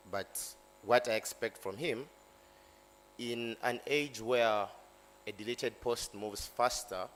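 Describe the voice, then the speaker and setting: Man, co-host, low voice, hesitant, faint hum. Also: a bit bright. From Uganda. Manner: hesitant, with fillers. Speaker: event co-host. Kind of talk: introducing a speaker.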